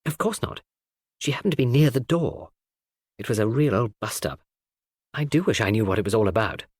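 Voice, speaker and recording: A man's voice: medium pitch, expressive, a little fast, a little mellow, breathy edge, no echo, studio quality. A man voicing an eager, chatty young woman in a storybook reading. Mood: eager gossip.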